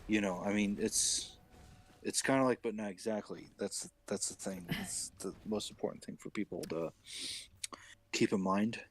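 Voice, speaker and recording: Low-voiced rambling young man streaming. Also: steady tone, moderate pace, slight background noise, rough recording. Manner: rambling, crude, mock-serious. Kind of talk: casual stream chat.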